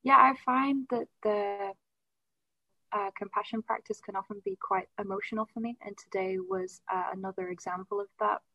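A woman's voice: medium pitch, steady tone, moderate pace, pushed and bright, no room sound, poor audio. A woman in an online meditation group sharing her experience, speaking hesitantly and reflectively with many fillers. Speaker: meditation participant. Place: video call.

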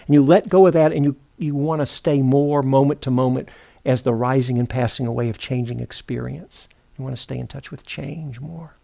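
A middle-aged man giving a meditation teaching at a retreat center, speaking in an unhurried, thoughtful way, often pausing to correct himself. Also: mid-range voice, fairly even intonation, gravelly, warm tone. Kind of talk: dharma talk.

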